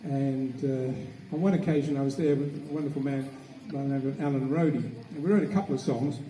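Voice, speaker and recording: A man's voice: medium pitch, steady tone, fairly quick, dark tone. An older Australian man chatting to the audience between songs at a live gig in a village tavern, telling rambling anecdotes full of hesitant restarts. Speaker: singer and guitarist. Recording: roomy live recording from a distance.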